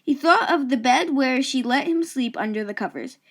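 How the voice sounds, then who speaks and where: A woman reading a children's picture book aloud, slow, gentle and expressive. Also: high-pitched. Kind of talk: read-aloud storybook narration.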